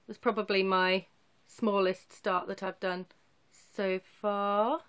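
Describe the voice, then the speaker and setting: A woman's voice: mid-range voice, flat delivery, slow, fairly bright tone, clear, resonant tone. A woman in her thirties talking casually to camera, showing her cross-stitch projects in a rambling, self-deprecating way. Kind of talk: casual chatty show-and-tell.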